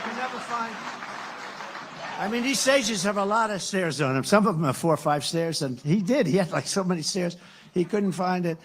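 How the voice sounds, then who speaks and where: A man's voice: high voice, lively intonation, a little fast, very noisy. A man from the United States, a political candidate, giving a rambling, sarcastic campaign rally speech full of repetition. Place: live rally.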